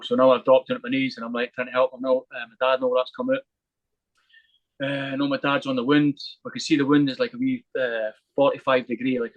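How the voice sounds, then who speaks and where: Fast-talking man telling a story. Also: mid-range voice, no room sound, low-quality recording. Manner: swears freely, vivid and animated retelling. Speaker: podcast guest. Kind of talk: storytelling in a casual interview.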